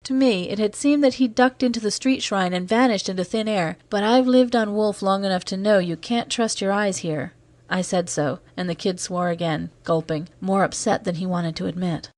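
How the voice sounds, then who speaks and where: Donna che legge un audiolibro, voce asciutta. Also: female voice, lowish voice, steady tone, normal speed, a little mellow, dry recording. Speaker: narrator. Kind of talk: audiobook narration.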